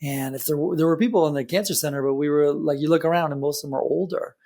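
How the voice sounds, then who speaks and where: A man's voice: a little high, fast, dark tone. A man, a podcast guest, speaking from home in an enthusiastic and affirming way. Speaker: podcast guest, nonprofit founder. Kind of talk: casual interview chat.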